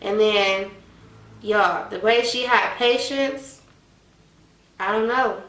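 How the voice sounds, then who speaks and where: A woman's voice: medium pitch, takes it slowly, roomy sound, distant mic, rough recording. A woman, chatting animatedly to her viewers in a casual commentary. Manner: animated, addresses viewers as y'all. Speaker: vlogger.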